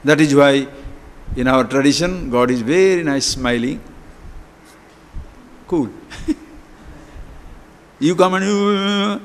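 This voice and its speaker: A man delivers a spiritual talk, throwing out rhetorical questions with a lively, chuckling manner. His voice sits high for a man. The sound rings with a long reverb from a large hall. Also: slow, pauses often. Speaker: spiritual teacher. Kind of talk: spiritual discourse.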